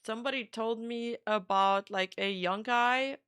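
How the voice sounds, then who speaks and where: A woman's voice: a little high, unhurried, fairly bright tone, clean tone, dry recording, studio quality. A young adult woman streamer in casual reaction commentary, chatty, swearing freely and filling her talk with "like.".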